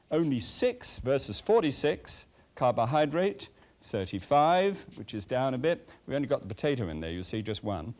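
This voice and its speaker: An older man from England with an English accent, hosting a cooking show in a chatty, animated way, tasting food as he talks. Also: mid-range voice. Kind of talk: cooking demonstration chat.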